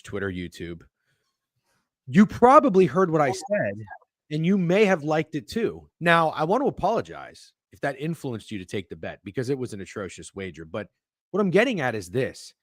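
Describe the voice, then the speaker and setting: A man's voice: mid-range voice, dry recording, studio quality. A man hosting a sports betting podcast, talking in casual, profane, defensive banter. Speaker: podcast host.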